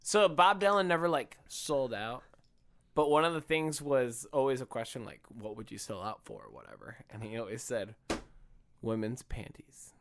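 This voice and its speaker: A man's voice: mid-range voice, very animated, moderate pace, gravelly, fairly bright tone, slight background noise. A man co-hosting a podcast in casual chat, blunt and profane, ranting about music. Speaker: podcast co-host.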